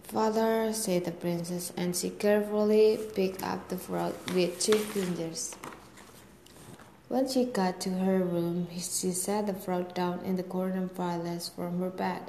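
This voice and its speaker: A woman reading a fairy tale aloud in a gentle, steady storytelling manner. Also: fairly low pitch, measured pace, gravelly, slight background noise. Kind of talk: storybook read-aloud narration. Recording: echoey room with faint ambience.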